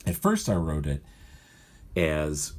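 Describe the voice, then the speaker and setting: Taking it slowly, a male cartoonist talks through his gag-writing process in a very deep voice whose pitch swoops wildly. The walkthrough is casual, and he thinks aloud, often catching and correcting himself.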